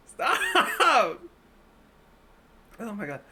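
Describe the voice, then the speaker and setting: Giggly woman streamer, high and lively. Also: drawn-out words. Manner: giggly, flustered, swears freely. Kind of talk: casual live-stream chat.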